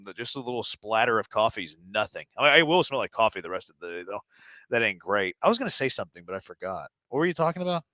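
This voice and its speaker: A man's voice: fairly low pitch, sing-song, fast talker, pushed and bright, dry recording. A man hosting a sports radio show, rambling and self-mocking in casual banter, his throat a little strained.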